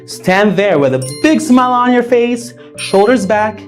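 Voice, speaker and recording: A young woman teacher talks through classroom tips in a bright, animated voice that rises and falls a lot. Her delivery is scripted and friendly, with faint music playing under her. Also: a little high, a little slow. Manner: lively, acts out shouting at pupils. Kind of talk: scripted educational video.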